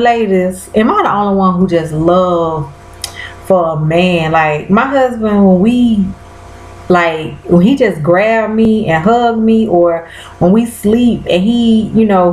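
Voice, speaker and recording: A woman's voice: mid-range voice, darkish tone, roomy sound, low-quality recording. A woman recapping a TV episode in casual chat, exclaiming and talking straight to her viewers in loose slang.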